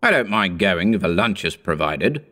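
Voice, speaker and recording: A man voicing a red-faced, greedy male gentleman from a storybook in a raised, fussy voice. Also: deep voice, big pitch swings, moderate pace, full character voice.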